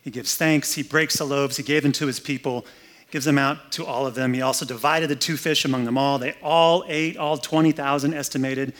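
A man's voice: medium pitch, fairly even intonation, a little fast, a bit bright. Man preaching in a chatty, joking way. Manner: conversational, humorous, acts out scenes. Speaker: pastor. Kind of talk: sermon. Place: air-conditioned room, indoors.

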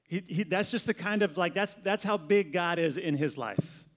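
A pastor with a high voice preaches a sermon at normal speed in a conversational manner. He often repeats words as he goes and shifts between loud and soft.

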